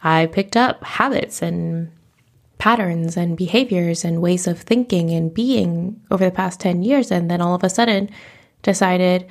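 Low, gravelly-voiced woman in her thirties. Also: takes it slowly. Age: 30s. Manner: candid, emotional, searching. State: teary. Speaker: podcast host. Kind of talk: reflective personal monologue.

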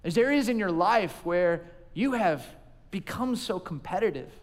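A man's voice: sits high, animated, a little slow. A man preaching a sermon, telling stories about himself with self-deprecating humor. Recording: long reverb of a large hall.

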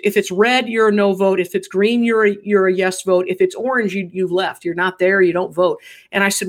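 A woman's voice: mid-range voice, steady tone, a little fast. A woman guest from Ohio telling a dramatic story in an interview, acting out the quoted dialogue with energy. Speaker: guest, pro-life activist.

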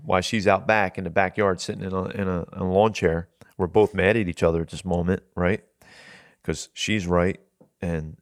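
A man's voice: low voice, no room sound. Earnest man preaching in a dry room. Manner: earnest, repeats words when starting a thought. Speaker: Christian talk show host. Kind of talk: conversational preaching.

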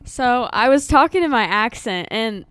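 A young woman guesting on a casual podcast, telling stories in giggly bursts. Her voice is fairly high and smooth, and the sound is close and dry. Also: expressive, a bit bright, dry recording. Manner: giggly storytelling, speaks in quick bursts. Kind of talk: casual chat.

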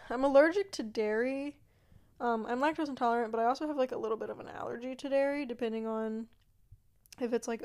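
Young female podcast host with a slightly high voice, loose and meandering, often trailing off into a soft murmur. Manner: rambling, meandering, many fillers and asides; yawning, drops to a quiet murmur at times. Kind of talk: casual solo chat.

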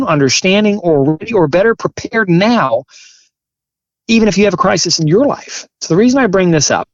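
A man who is a firefighter and chaplain, telling his story candidly in an interview, earnest and halting, growing emphatic. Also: high-pitched, animated, dry recording, lo-fi sound. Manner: earnest, halting restarts, grows forceful and emphatic.

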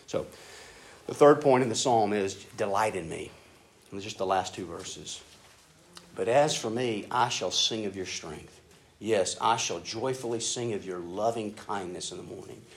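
A man preaching a sermon in a casual, animated way, acting out prayers in an excited voice. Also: on the low side, unhurried, long pauses. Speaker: pastor. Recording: echoey room with faint ambient noise.

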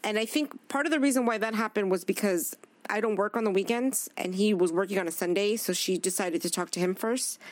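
A woman talks frankly and swears often while she recounts conversations. Her voice sits at a middle pitch. The recording is dry and close, with almost no room echo. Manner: candid, swears freely, retells dialogue. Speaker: podcast guest; chef. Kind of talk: casual chat.

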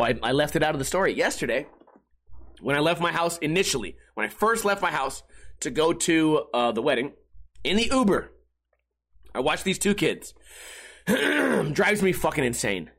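Young dude ranting on his podcast, swearing nonstop, bright voice that jumps all over. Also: high voice. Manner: loud, profane, exasperated ranting with laughs. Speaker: podcast host. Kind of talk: casual ranting monologue.

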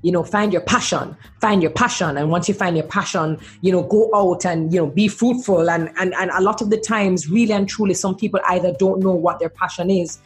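A woman's voice: lowish voice, fairly even intonation, fairly quick, few pauses. A woman hosting an interview, chatty and full of fillers as she asks questions. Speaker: interview host. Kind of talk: conversational interview.

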